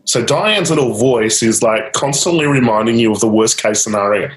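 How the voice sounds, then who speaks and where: A man's voice: mid-range voice, moderate pace, roomy sound, rough recording. A man leading a live coaching demonstration, guiding a client with repeated prompts and light laughter. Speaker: change-technique coach.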